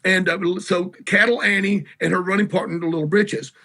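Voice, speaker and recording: Bright-voiced Southern man telling stories. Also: high-pitched, fairly even intonation, fairly quick. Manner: rambling, salty anecdotes. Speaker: guest musician. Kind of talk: casual interview storytelling. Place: garage.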